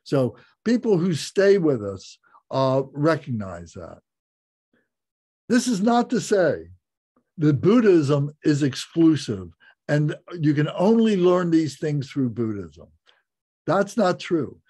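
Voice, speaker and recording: A man giving a Buddhist class talk, explaining slowly and reflectively, repeating phrases and restarting. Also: a little high, very animated, warm tone, slightly rough. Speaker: Buddhist teacher.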